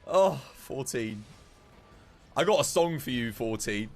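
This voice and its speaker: A man's voice: medium pitch, expressive, slow pace, faint music behind. A man giving jokey live commentary while streaming a game, laughing often.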